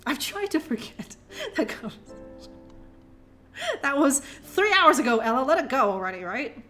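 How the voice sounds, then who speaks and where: A woman live-streaming with a high, lively voice that swings all over the place. She rambles, swears playfully and laughs often as she reads a children's book to her viewers. She sounds a little tipsy, and faint music plays behind her. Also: normal speed. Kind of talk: casual live-stream chat and reading aloud.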